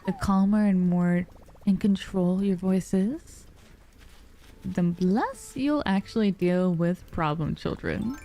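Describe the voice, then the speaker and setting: A woman streamer chatting softly and calmly on a dynamic mic, sounding sleepy and relaxed. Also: medium pitch, slow pace, a little hiss or hum. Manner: soft, sleepy and calm, yawning. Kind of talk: relaxed live-stream chat. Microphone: dynamic studio mic.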